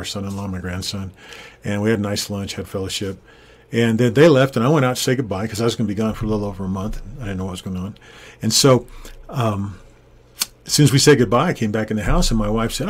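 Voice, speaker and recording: An older man, a Christian minister, telling a personal testimony in an earnest, animated way and acting out the people he quotes, recorded in a home studio on a desktop microphone. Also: on the low side, slightly rough. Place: home studio with green screen. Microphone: desktop USB studio microphone.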